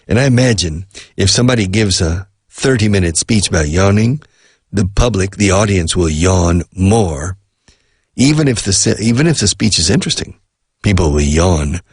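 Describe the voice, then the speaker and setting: A man's voice: sits low, breathy edge, no room sound, clean studio sound. A middle-aged man hosting a radio show and teaching English, chatting casually, dropping in phrases and laughing often. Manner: chatty, mixes Spanish glosses, laughs often.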